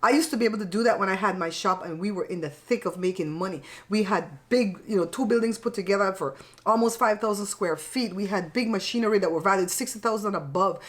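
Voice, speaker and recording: A fast-talking middle-aged woman with a medium-pitched voice barely pauses as she chats over a meal on the channel she hosts. Blunt and frank, she laughs frequently and drops the occasional mild swear word.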